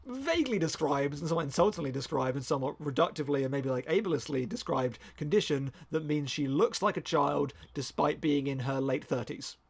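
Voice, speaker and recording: Gravelly-voiced man rambling enthusiastically. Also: on the high side, brisk, hardly any pauses. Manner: rambling, enthusiastic, self-correcting. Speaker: podcast co-host. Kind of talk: casual chat.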